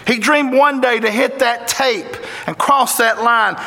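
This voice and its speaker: A high-pitched man with a Southern Tennessee accent preaches a sermon in a fervent, folksy way, breaking into excited exclamations. His voice rings through a church sanctuary with a long, echoey reverb trailing each phrase. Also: measured pace, slight background noise. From Tennessee, USA. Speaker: guest preacher.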